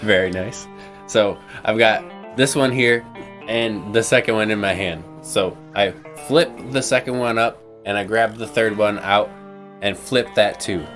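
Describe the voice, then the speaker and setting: A man at a tabletop game, calmly laying out his character's stunts with a chuckle now and then. His voice sits a bit low and stays easygoing. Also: unhurried, soft background music. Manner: relaxed, descriptive, chuckling. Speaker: player. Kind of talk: casual game play.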